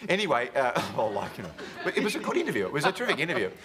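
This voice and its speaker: A man spinning a funny story on a studio chat show, his pitch leaping around as he acts out the people in it and breaks into laughter. The old broadcast audio has a clear hiss and crackle under him. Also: rapid-fire. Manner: animated storyteller, acts out quotes, laughs often. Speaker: comedian and talk show guest. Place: television studio. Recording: noisy 1980s TV broadcast audio.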